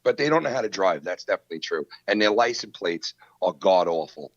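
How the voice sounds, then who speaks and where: A man, hosting a podcast and retelling a feud in a heated, profane, animated way. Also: low voice, brisk, dry recording, muffled recording. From New York. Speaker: podcast host. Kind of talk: casual podcast storytelling.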